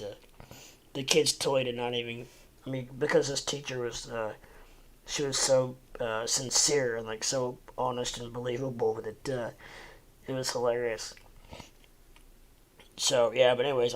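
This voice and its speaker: A man at an average pitch hosts a casual crypto livestream. He rambles from one thought to the next, leaning on fillers and restarting his sentences. His asides are chatty and jokey. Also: a bit bright, rough recording.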